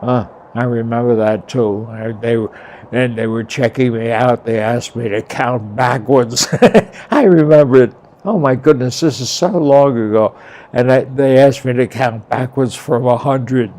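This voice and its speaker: A man recounting his own near-death experience in a halting, rambling way, with chuckles and a louder voice when he quotes himself. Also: medium pitch, fairly even intonation. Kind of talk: personal storytelling.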